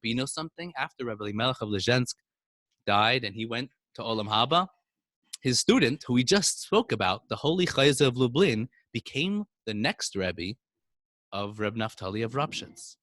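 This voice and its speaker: A male teacher telling stories to children, animated and swinging up and down in pitch. He has a mid-range voice. The recording is dry and close to the mic. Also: moderate pace, no room sound. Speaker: storyteller teacher. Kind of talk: storytelling for children.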